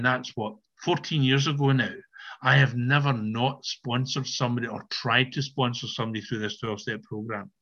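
A man's voice: medium pitch, sharp tone, lo-fi sound. An older man giving an earnest, emphatic personal testimony to a recovery meeting, sometimes repeating his words, over a video call.

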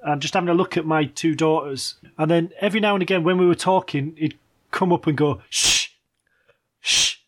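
A man's voice: a little high, steady tone, fast. Hesitant man telling stories. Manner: hesitant, many fillers, laughs while telling stories. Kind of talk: casual chat, telling anecdotes.

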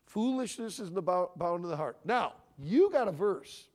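A man in his sixties from Michigan, giving an animated sermon-style talk at a family conference and pressing his audience with questions. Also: high voice, moderate pace. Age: 60s. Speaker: conference speaker.

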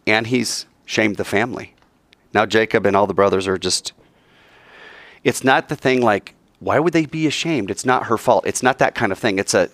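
A male teacher telling a Bible story to a class in an animated, digressive way, acting out the characters. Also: on the low side, no echo.

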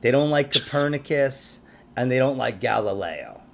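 A man's voice: mid-range voice, animated, normal speed, vocal fry, a little hiss or hum. A man hosting a conspiracy podcast, chatting casually in a rambling way and laughing often. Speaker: podcast host.

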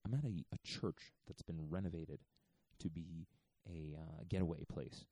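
Low, very dark, dry male voice, hushed and rambling; swears a lot, chuckles often, drifts from topic to topic. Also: steady tone, normal speed, dry recording. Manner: hushed, half-whispering; profane, digressive, chuckling. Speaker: podcast host. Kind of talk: rambling comic monologue. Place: renovated church getaway, indoors.

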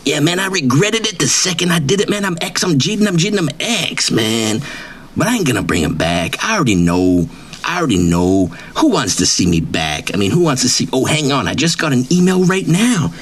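A man's voice: fairly high pitch, big pitch swings, brisk, a bit bright, breathy edge, voice pushed up, full character voice. A man voicing a boastful, swaggering male wrestling writer who brags nonstop and repeats his catchphrases in a comedic character bit. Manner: brash bragging, repeats catchphrases, drawls "man" constantly.

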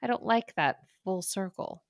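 A woman's voice: mid-range voice, animated, normal speed, creaky, no room sound, clean studio sound. A woman co-hosting a casual podcast chat, easygoing and self-deprecating. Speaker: podcast co-host.

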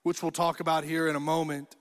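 A man's voice: a little high, level tone, a little fast. A man preaching a sermon as pastor, telling stories and building to emphatic repeated phrases. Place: church auditorium. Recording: long echo of a church hall.

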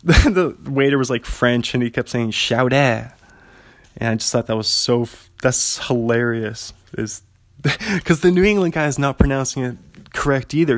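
With no echo on the track, a thirtysomething man from Washington State hosts his own podcast in a mid-range voice. His stories wander off on tangents, and he keeps laughing to himself as he casually spins them.

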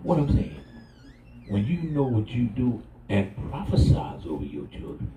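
A man's voice: mid-range voice, very animated, moderate pace. A middle-aged man preaching a sermon as pastor, folksy and humorous, inviting call and response. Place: church sanctuary. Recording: echoey church, distant mic, faint noise.

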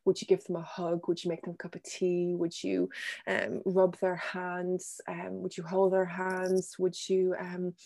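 A woman answering interview questions about self-compassion in a gentle, thoughtful way, pausing with ums and restarting her sentences. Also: lowish voice, completely flat delivery, creaky. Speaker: guest speaker on self-compassion.

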